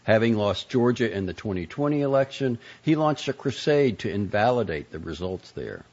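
A man giving a scripted narration of a story and a magazine essay, in a measured, expressive reading. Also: lowish voice. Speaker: reader of magazine pieces. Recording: dull lo-fi recording.

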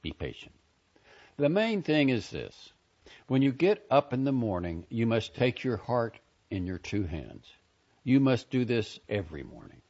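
A man's voice: medium pitch, huge pitch swings, unhurried, heavily acted. A man voicing a fussy elderly immigrant father who lectures his grown daughter earnestly and insistently. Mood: earnest lecturing. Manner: lecturing, insistent, gently scolding. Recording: dull lo-fi recording.

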